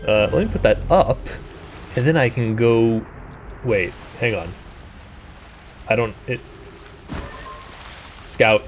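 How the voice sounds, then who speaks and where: A man streaming a game live, thinking aloud and breaking into startled, high-pitched exclamations. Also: lively intonation, slow pace, long pauses, faint music behind. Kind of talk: live gameplay commentary.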